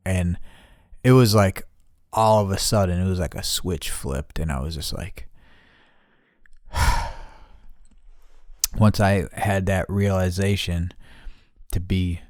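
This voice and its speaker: A man's voice: deep voice, no echo, studio quality. A man hosting a casual solo podcast, rambling with constant swearing and many restarts. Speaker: podcast host.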